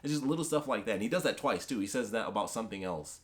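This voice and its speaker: A young man talks through his thoughts on a comic series in a casual vlog. He speaks quickly in a slightly low voice, rambling and excitable, full of restarts and fillers. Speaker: comic book vlogger. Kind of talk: casual chat.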